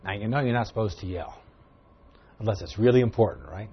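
A pastor with a low, husky voice delivers an expository sermon at a brisk, animated clip. He teaches the Bible conversationally, getting loud to emphasize points. The recording sounds muffled.

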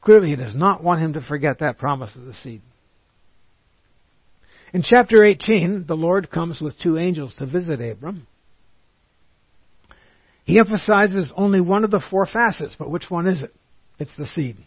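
A man giving a Bible teaching sermon, reading scripture slowly and emphatically and then explaining it in plain words. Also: fairly high pitch, animated, slightly rough, dry recording, lo-fi sound. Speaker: preacher.

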